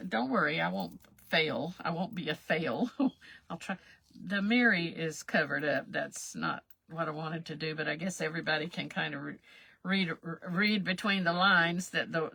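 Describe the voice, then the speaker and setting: A woman's voice: fairly low pitch, moderate pace, vocal fry, bright, forceful tone, slightly rough, no room sound. A woman, hosting a chatty crafting livestream and laughing at herself as she works. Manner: folksy, self-chuckling, talks while working.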